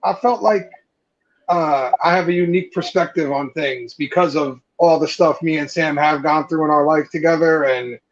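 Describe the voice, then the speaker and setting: A man's voice: fairly high pitch, slight background noise. New Jersey man on a dull call line. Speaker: guest. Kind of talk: casual video call chat.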